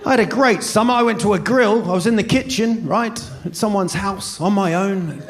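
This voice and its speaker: A New Zealand man in his fifties doing a stand-up comedy set, telling stories in an animated way and shouting when he does impressions. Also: sits high, moderate pace, hardly any pauses, soft background music. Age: 50s. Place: large venue with a live audience. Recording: live stage recording with crowd and noise.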